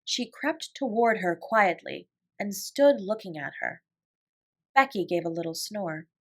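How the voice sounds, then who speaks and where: A woman narrating a classic children's novel as a bedtime story, in an expressive storytelling voice. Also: medium pitch, unhurried. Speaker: audiobook reader.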